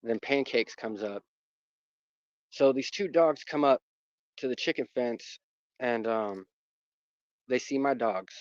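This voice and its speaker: A man's voice: medium pitch, takes it slowly, pauses often, no echo. A man telling a personal story about his dogs in a casual, rambling way, with lots of fillers and restarts. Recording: muffled dry recording.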